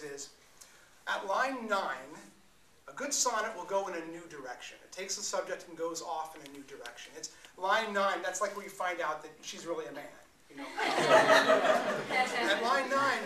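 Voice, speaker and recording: A man giving an energetic, joking live talk about poetry to an audience at a venue. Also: a little high. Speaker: poet performer. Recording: echoey room, mic far off.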